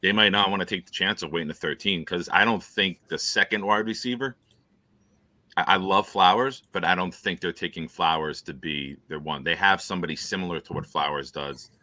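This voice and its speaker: A man's voice: deep voice, fairly quick, bright, forceful tone, no echo. A man hosting a casual football talk show, laid-back and joking. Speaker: host. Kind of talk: casual chat.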